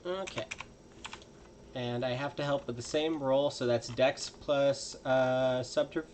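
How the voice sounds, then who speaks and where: A man playing a tabletop game, at times pitching goods like a salesman in character. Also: steady tone, slow, a little mellow, slight background noise. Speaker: player.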